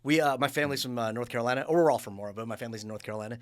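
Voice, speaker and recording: A man in his late forties hosting a podcast in a studio, chatting casually and telling stories with quick asides. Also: mid-range voice. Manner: lively storyteller, quick asides. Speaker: podcast host. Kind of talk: casual interview chat.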